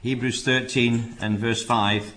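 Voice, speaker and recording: A man preaching a sermon in an earnest way, often repeating words and rising to emphatic calls to hold fast. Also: medium pitch, little pitch movement, fairly bright tone, slight background noise. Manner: earnest, repeats phrases, rises to emphatic exhortation.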